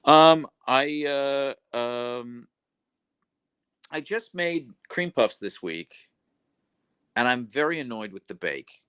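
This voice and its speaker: Young adult man, livestream host, rambling casual chatter, lively pitch, dry close sound. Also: slow pace, long pauses, clean tone, no room sound. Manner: rambling, self-correcting, reads chat messages aloud. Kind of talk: casual live-stream chat.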